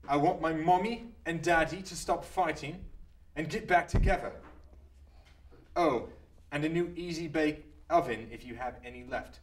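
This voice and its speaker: A man's voice: fairly high pitch, recorded from a distance, background noise. Smarmy young man hosting a comedy show.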